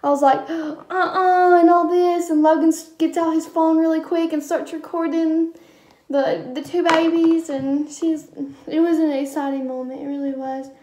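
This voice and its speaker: A woman's voice: very high voice, flat delivery, normal speed, mellow, reverberant, slight background noise. A young woman vlogger chatting casually as she tells a personal story, with lots of ums and quoted dialogue. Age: young adult.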